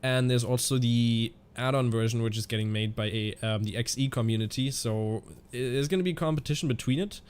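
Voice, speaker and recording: A man streaming a flight simulator, chatting casually in a halting way and answering viewers' questions as he flies. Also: mid-range voice, darkish tone, clean tone. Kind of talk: casual live-stream commentary.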